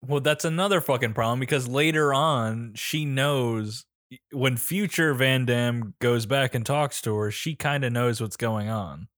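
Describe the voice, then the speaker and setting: A laid-back man picks apart a film in casual conversation, swearing and laughing as he goes. His voice is recorded dry and close, with no room sound, and his pitch is in the middle of a man's range. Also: a little slow, a bit bright, dry recording. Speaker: podcast co-host. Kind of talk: casual movie-review chat.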